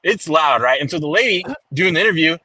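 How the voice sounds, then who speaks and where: A man co-hosting a casual sports stream who tells stories in an animated, loose way and swears freely. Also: on the high side, fast, poor audio. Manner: animated storyteller, loose and profane.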